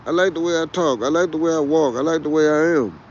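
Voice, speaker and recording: A man's voice: on the high side, fast, a little mellow, dull audio, a little hiss or hum. A man with a Texas twang, chatting in a rambling, boisterous and profane way on a casual livestream. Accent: Texan. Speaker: livestream host.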